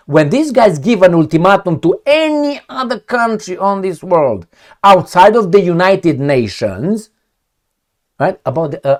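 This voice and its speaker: Give me an angry, sarcastic man ranting through the news with a lively, swinging pitch. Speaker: political commentator. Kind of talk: ranting video commentary, reading news aloud.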